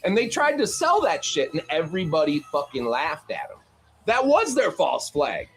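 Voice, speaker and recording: Guy ranting on a stream, swears nonstop, sarcastic, kinda high voice, faint music behind. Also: very animated, normal speed. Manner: sarcastic, swears constantly, mocks with put-on quotes. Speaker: panel host. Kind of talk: profane political rant on a livestream.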